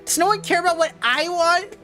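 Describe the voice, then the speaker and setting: A woman's voice: high voice, unhurried, fairly bright tone, faint music behind, voice pushed up. A woman reading aloud, voicing a despairing, exhausted teenage girl who breaks into anger. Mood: furious. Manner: raw, pleading, breaking into anger.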